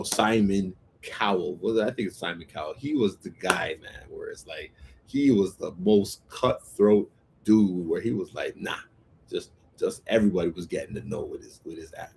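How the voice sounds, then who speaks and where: A male radio host giving an energetic motivational talk, often asking "right?" and having listeners repeat words after him. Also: deep voice, vocal fry, a little hiss or hum.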